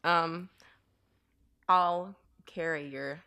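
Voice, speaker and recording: Woman co-host, low voice, slow unhurried talk, playful and hesitant. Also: steady tone, bright, forceful tone, smooth, no echo, clean studio sound. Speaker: podcast co-host. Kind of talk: casual discussion.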